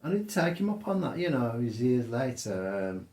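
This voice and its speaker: A middle-aged man chatting as co-host, telling stories in an animated way. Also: medium pitch, moderate pace, roomy sound. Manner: storytelling, animated. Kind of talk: casual chat.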